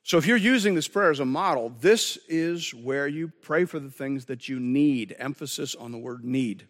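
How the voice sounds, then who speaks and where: A man's voice: mid-range voice, normal speed, in a large hall. A man preaching a sermon as pastor, earnest and conversational, often restarting his phrases.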